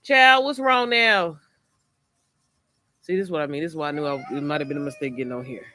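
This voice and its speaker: A woman's voice: low voice, very fast, a little hiss or hum. Chatty woman on a home livestream. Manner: chatty, rambling, repeats herself. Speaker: online business creator hosting a livestream. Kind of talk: casual livestream chat. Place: at home, indoors.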